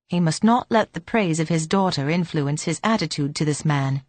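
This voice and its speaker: A woman narrating an audiobook in a steady, measured reading. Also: sits low, dry recording. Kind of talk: scripted narration.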